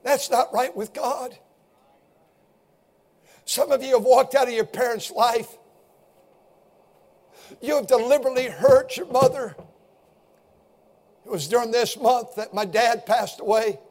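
Older male pastor with a very high voice, fiery pulpit delivery that climbs into shouts. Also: unhurried, pauses often. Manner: impassioned, rising to shouts. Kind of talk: fiery sermon.

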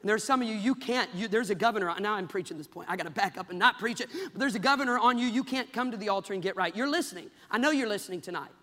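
A man in his thirties preaching a fervent sermon, building to loud climaxes. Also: sits high, racing, few pauses, big-room sound.

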